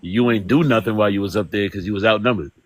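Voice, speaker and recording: A man's voice: lowish voice, fast talker, dry recording. A man trading mocking, incredulous retorts in a heated casual debate.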